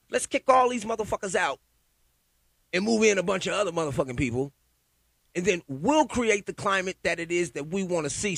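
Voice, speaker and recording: A man's voice: high-pitched, fairly bright tone, no echo. A man ranting alone in a heated, profane, conspiratorial way, repeating himself and building up steam. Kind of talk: profane solo rant.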